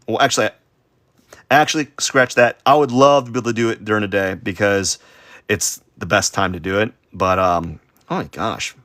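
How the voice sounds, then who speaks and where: A man's voice: medium pitch, fairly bright tone, no room sound, clean studio sound. A man chatting casually on a livestream while drawing, rambling, stuttering and putting himself down. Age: adult. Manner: rambling, self-deprecating, stuttering. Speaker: streaming artist.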